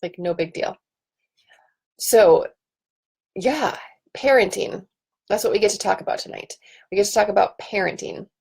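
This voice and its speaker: A woman's voice: mid-range voice, normal speed, vocal fry, pauses often, a little mellow, breathy edge. A woman in her thirties hosting a casual home live stream, chatting in a rambling way with ums and restarts, into a computer webcam. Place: home office.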